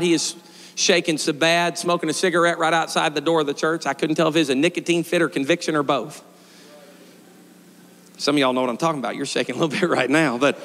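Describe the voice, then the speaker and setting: A middle-aged male pastor preaching a storytelling sermon, swinging from shouted peaks to quiet, joking asides. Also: a little high. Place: church sanctuary. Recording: long church reverb.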